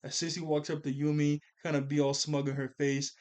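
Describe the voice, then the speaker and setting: A man's voice: on the high side, level tone, brisk, darkish tone. A man giving a casual, rambling recap of a cartoon episode as a reviewer. He often corrects himself and laughs as he talks.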